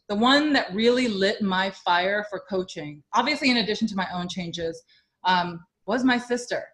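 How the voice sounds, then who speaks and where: A woman's voice: mid-range voice, fairly bright tone. A young woman who coaches fitness, telling her story in a chatty interview with lots of fillers and growing emotion. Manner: chatty, many fillers, grows emotional and tearful.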